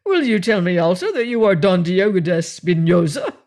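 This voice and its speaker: A man's voice: high-pitched, big pitch swings, a little fast, darkish tone. A man voicing a bewildered Spanish pirate captain, a prisoner who exclaims in alarm and anguish.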